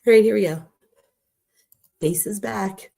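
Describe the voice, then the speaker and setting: A woman's voice: mid-range voice, measured pace, gravelly, dark tone. A woman hosting a true crime show, chatting to viewers with incredulous asides as she reads out text messages. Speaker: true crime host and psychology professor. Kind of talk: casual commentary reading text messages aloud.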